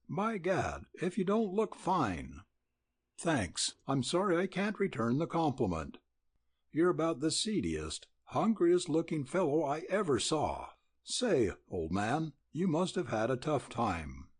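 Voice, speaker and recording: A cheery young fellow banters and teases, as a male narrator voices him. The pitch is raised well above the reader's usual and lively, with some huskiness. It comes as a storybook reading. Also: breathy edge, full character voice.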